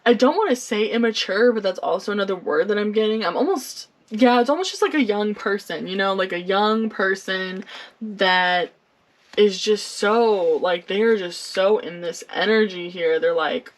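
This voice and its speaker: A woman's voice: medium pitch, normal speed. A young woman giving a casual tarot reading, chatty and playful. She laughs often, swears, and fills her talk with "like.". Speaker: tarot reader.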